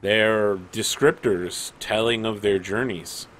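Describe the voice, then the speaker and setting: Slow, low-voiced male game master. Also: steady tone, a bit bright, poor audio. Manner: dramatic, deliberate narration. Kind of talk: narrating a tabletop game.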